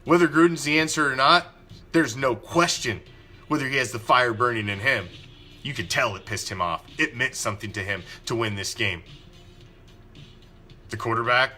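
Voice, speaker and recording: A man's voice: medium pitch, moderate pace, sharp tone, faint music behind. Profane ranting male sports host. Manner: angry, profane, emphatic ranting with repetition. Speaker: host of a fan show. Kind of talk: ranting live sports commentary.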